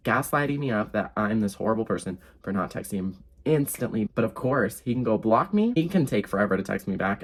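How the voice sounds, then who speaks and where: Animated young man telling a story. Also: on the low side. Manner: animated, exasperated, sarcastic, lots of fillers. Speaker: vlogger. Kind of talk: casual storytime.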